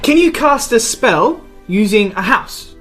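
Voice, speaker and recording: A woman's voice: a little high, animated, unhurried, faint music behind. A woman player in a tabletop role-play game, talking in a playful, persuasive way.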